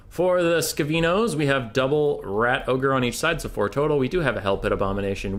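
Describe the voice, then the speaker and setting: A man casually streaming and giving game strategy advice, swearing now and then. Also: fairly bright tone. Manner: swears casually, breaks into a high baby-talk voice for his dog. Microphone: desk microphone.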